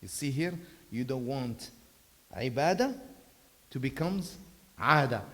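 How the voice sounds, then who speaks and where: A man with a high voice gives a Friday sermon in a mosque prayer hall, and his words ring out with a long reverb. He preaches in a chatty way, pushing hard on key words, then drops to a soft voice for stories and asides. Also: big pitch swings, measured pace, long pauses. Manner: conversational preaching with emphatic bursts and soft storytelling asides. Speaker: imam giving Friday khutbah.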